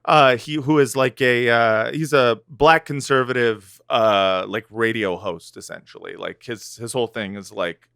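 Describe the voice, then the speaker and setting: A man's voice: medium pitch, fairly even intonation, a little slow, vocal fry, hardly any pauses, fairly bright tone, clear, resonant tone, no echo, studio quality. A man co-hosting a comedy podcast, riffing sarcastically in a loose chat with lots of fillers. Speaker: podcast co-host.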